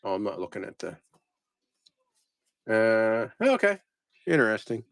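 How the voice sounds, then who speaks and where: A postcard reseller, a man, chats casually as he sorts through postcard lots, muttering place names one after another and letting his words trail off. His voice is lowish, gravelly and a little bright, with big swings in pitch and an unhurried delivery. The recording is clean studio sound with no echo.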